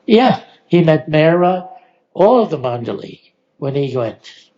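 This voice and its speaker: An older man telling personal stories in an unhurried way, laughing often as he goes. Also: on the high side, very animated, dark tone, lo-fi sound. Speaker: oral history storyteller. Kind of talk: relaxed personal storytelling.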